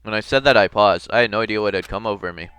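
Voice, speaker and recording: A man's voice: lowish voice, very fast, fairly bright tone, clean tone. A young man playing through a game on video, reading its text aloud with jokey asides. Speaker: gamer. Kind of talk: let's play commentary and text reading.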